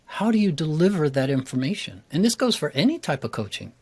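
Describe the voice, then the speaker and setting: A man who coaches public speaking talks in a podcast interview, animated and eager, jumping up in pitch to stress his points. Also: quick pace, hardly any pauses. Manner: animated, enthusiastic, jumps up in pitch for emphasis. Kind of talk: casual interview chat.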